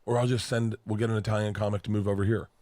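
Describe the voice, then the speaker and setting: A man's voice: lowish voice, little pitch movement, very fast, darkish tone, no room sound. A man in a podcast clip, bantering casually and joking in an offhand way. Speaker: comedian podcast co-host.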